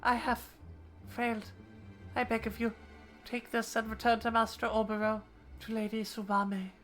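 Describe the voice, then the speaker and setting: A woman voicing a dying wounded man who pleads in halting words. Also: on the high side, completely flat delivery, a bit bright, soft background music, close to an everyday voice.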